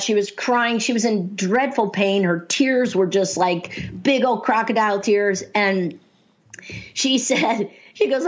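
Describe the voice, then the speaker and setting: A woman speaking coach chats through her stories with a slightly high voice, laughing often and acting out the voices of the people she quotes. The recording sounds dull and lo-fi. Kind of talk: storytelling in casual talk.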